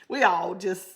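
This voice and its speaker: A woman's voice: on the low side, a bit bright. A woman from the Southern United States with a Southern drawl, chatting casually and laughing as she crafts and reads viewer comments. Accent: Southern American. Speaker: craft video host.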